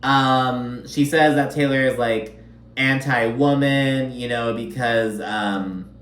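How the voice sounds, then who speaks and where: A man's voice: mid-range voice, slow, a bit bright, reverberant, recorded from a distance. A man giving a sassy, profane recap of a reality show, full of gossip and swearing. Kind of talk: casual recap commentary.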